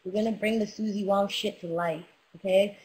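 A young woman talks straight to her fans on a casual livestream, hyped up and swearing freely as she gives them a pep talk. Her voice sits at an ordinary middle pitch for a woman and comes through a webcam mic. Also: fairly even intonation, normal speed, a little mellow, rough recording. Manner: hyped, profane, motivational. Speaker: rapper streaming to fans.

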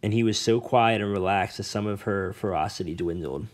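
A man's voice: on the low side, brisk. A man narrating a novel aloud in a plain reading style, with some stumbles over words. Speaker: audiobook reader. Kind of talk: amateur audiobook narration.

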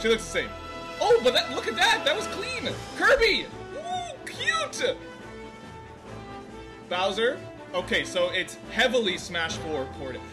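A man shouting giddy, overexcited exclamations as he reacts live to a video game trailer. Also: very high-pitched, huge pitch swings, a little slow, over music. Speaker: reaction streamer.

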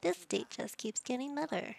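A woman's voice: sits high, animated, normal speed, gravelly, darkish tone. A woman gaming YouTuber giving chatty let's play commentary, narrating each move she picks. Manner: chatty, narrating her own game moves.

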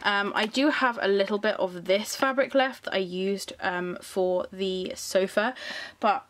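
A woman's voice: medium pitch, measured pace, a bit bright. A young woman with a slight lisp, chatting in a rambling, casual way at home as she talks through a crafting project. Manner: chatty and rambling, many ums and likes. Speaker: crafting vlogger. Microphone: camera on the floor.

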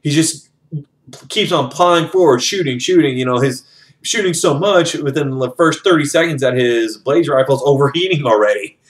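A man's voice: on the high side, normal speed. A man casually retelling a novel's plot in his own words, loose and filler-heavy with some swearing. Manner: loose, profane, many fillers. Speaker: book reviewer.

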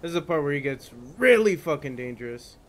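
A young man streaming a video game, shouting and yelping excitably at enemies with lots of swearing. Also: a little high, a little fast. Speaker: gaming streamer. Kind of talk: live game-stream commentary.

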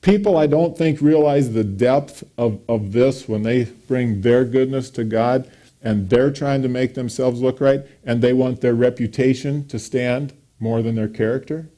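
A man's voice: medium pitch, measured pace, mellow. A man preaching a sermon in a church, emphatic, with his voice rising on scripture quotes. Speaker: pastor.

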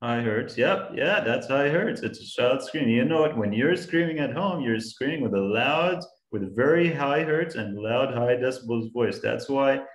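A man's voice: medium pitch, animated, moderate pace, hardly any pauses, roomy sound. Encouraging man teaching kids over a call. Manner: patient, encouraging, asks students questions. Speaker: science guest speaker teaching kids. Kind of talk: online class lecture.

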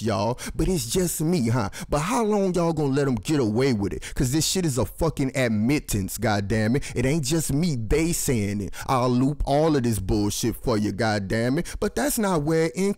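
Male host, angry profane rant delivered straight to the viewer, average pitch. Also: a little mellow. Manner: angry, preachy, swears constantly. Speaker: commentary show host. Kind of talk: profane ranting commentary.

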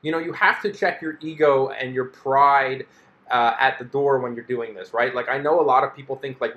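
A man hosts a personal finance video, speaking at a normal speed with a medium-pitched, steady, slightly bright voice. In a chatty monologue, he acts out an investor's inner voice in quotes, and the audio is lo-fi and roomy.

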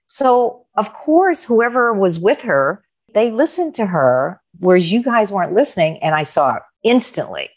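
A woman's voice: medium pitch, unhurried. A middle-aged woman coach, a guest on an interview, telling stories with animation and acting out the dialogue of other people. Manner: animated, acts out quoted dialogue. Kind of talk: conversational storytelling.

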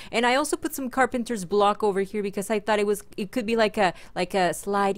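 A woman's voice: medium pitch, fairly even intonation, fairly quick. A woman hosting a gaming channel, chatting casually and playfully through her game and talking to her in-game pets. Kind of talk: casual let's-play commentary.

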